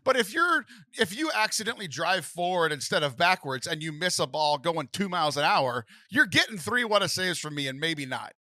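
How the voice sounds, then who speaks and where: A man with a bright, fairly high voice that swings up and down as he talks. He explains things at length in a casual podcast chat and laughs often. The sound is close and dry. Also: lively intonation, fairly quick, no room sound. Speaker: podcast host.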